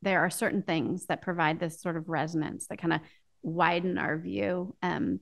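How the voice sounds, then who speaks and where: A woman's voice: fairly low pitch, gravelly. A woman author being interviewed, explaining ideas thoughtfully with many fillers. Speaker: author and guest. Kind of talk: casual interview chat.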